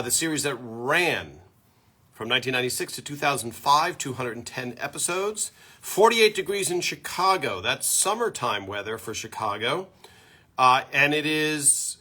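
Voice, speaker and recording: A man's voice: mid-range voice, sharp tone. A man hosting a live fan show, chatting casually and greeting viewers one by one on a stream from home through a built-in computer mic.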